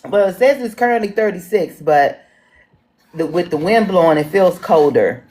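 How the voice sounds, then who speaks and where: A woman's voice: fairly low pitch, lively intonation, moderate pace, dark tone. A woman with a Washington D.C. accent moderating a livestream town hall, chatting folksy and casual with viewers. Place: home in Washington D.C.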